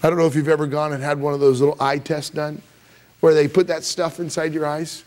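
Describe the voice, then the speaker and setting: A man preaching a sermon as pastor, emphatic and repetitive, swinging from loud rises to soft drops. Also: fairly high pitch, little pitch movement, brisk. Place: church sanctuary.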